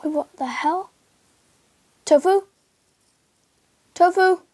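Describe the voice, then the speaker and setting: Girl talking thru her game, high voice, slow chatter, yelps a lot. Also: dry recording, studio quality. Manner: excitable, calls out and yelps while playing. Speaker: gameplay video host. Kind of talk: casual game commentary. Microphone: screen recorder mic.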